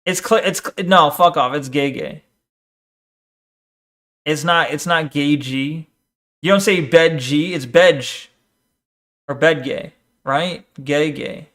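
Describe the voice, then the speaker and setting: Man, high voice, bright tone, crude teasing banter, casual streamer commentary. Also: takes it slowly, long pauses. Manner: teasing, laughs often. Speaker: streamer reacting to clips.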